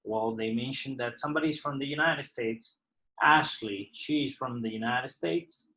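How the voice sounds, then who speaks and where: A man's voice: medium pitch, a little slow, bright, forceful tone, low-quality recording. A man teaching an English lesson, explaining words patiently and step by step. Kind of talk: slow recorded lesson explaining vocabulary.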